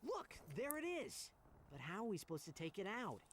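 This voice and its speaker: A man voicing a young male alien mechanic hero in a game, quick and skeptical in banter. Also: sits high, huge pitch swings. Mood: wry. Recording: game audio under noise.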